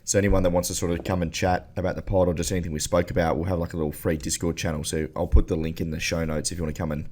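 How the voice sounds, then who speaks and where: A man hosting a podcast in a relaxed, laid-back chat with casual swearing. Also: low-pitched, racing, hardly any pauses. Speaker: podcast host.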